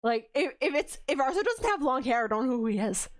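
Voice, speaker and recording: A high-voiced woman streamer chats casually into a desk mic while wearing headphones. Her voice leaps up and down as she gushes, giggles often and says "like" constantly. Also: big pitch swings, quick pace. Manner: giggly, gushing, heavy use of "like". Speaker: virtual streamer. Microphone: headphones and desk microphone.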